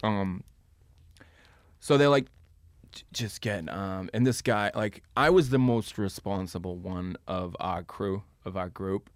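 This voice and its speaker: Podcast guest, man in his thirties, very low voice, dry close mic, rambling anecdote with fillers. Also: measured pace, dry recording. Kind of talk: casual storytelling.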